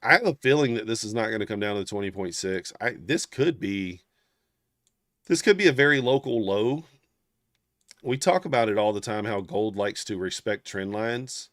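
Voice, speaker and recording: A man's voice: lowish voice, moderate pace, fairly bright tone, no room sound, clean studio sound. A man hosting a live trading stream, thinking aloud in casual, half-murmured commentary. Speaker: trading livestream host.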